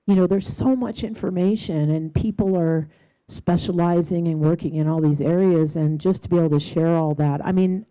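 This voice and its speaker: A woman moderating a panel, friendly and quick to laugh. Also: low voice, warm tone, rough recording.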